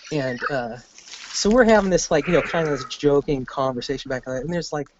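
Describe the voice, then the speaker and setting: A man's voice: fairly high pitch, fairly quick, muffled recording, noisy background. A man, an army veteran and podcast guest, telling a story casually, cursing freely and acting out the lines of the people in it. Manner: animated, profane, acts out quoted dialogue.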